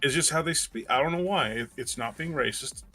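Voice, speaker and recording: A man's voice: mid-range voice, fairly quick, sharp tone, faint music behind. A man co-hosting a casual podcast, rambling and swearing. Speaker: podcast co-host.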